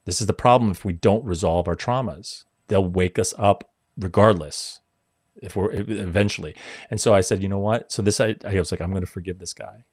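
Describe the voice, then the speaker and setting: Brief: man in his 40s, deep voice, dry close sound, animated storyteller who swears. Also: brisk, breathy edge, no room sound. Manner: animated, swearing, acts out quotes. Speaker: podcast guest. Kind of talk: casual storytelling.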